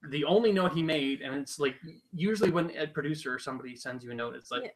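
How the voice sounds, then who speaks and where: Male podcast co-host, casual chat, animated storyteller, acts out quotes. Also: on the high side, fast talker, poor audio. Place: small room, live podcast.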